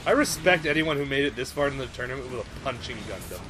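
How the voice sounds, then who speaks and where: A man's voice: very animated, quick pace, noisy background. Dry, sarcastic young man playing a game. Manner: dry, sarcastic, drops voice low for jokes. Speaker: let's play commentator. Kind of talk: casual gaming commentary.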